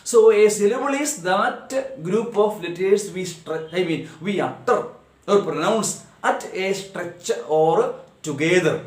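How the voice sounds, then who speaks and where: A man teaching a grammar lesson on syllables, repeating words slowly and drilling their pronunciation. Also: high voice, animated, echoey room. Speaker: English teacher.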